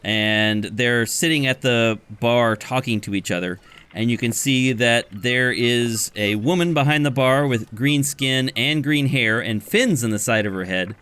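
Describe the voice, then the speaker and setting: A man's voice: mid-range voice, a little slow, clean tone. Man narrating as game master. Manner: relaxed, plain descriptive narration.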